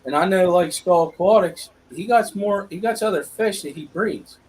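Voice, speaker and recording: A man's voice: high-pitched, normal speed, a little mellow, slightly rough, low-quality recording. A man hosting a casual live-stream fish auction, upbeat and loose, talking straight to his viewers. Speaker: auction host.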